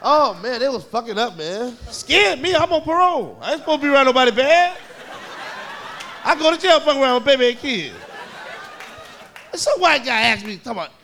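A man, his delivery animated and punchy. A crowd laughs in the room, and a faint hum of noise sits under the live club recording. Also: very high voice, fairly quick. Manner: profane, animated storytelling with shouted kid voices. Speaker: stand-up comedian. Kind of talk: stand-up comedy storytelling. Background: audience laughter.

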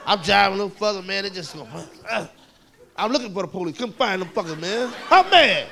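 A man on a comedy stage tells a story in a very high, bright, forceful voice with a gravelly edge. He talks loud and profane, jumping into voices as he goes. Faint crowd laughter and room noise sit behind him in a live club recording. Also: fast. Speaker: stand-up comedian. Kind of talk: stand-up storytelling. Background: audience laughing.

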